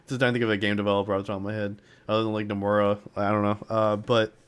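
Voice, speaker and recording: A man streaming live, chatting casually and excitedly in a rambling way with many fillers. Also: lowish voice, quick pace, clean tone. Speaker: streamer reacting to a panel video. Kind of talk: casual chat while drawing.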